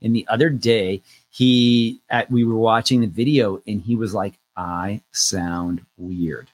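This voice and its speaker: A man's voice: mid-range voice, moderate pace, a little hiss or hum. A man in his thirties co-hosting a podcast, talking casually and a bit rambling. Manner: relaxed, rambling, frequent "uh" fillers. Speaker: podcast co-host and loan officer.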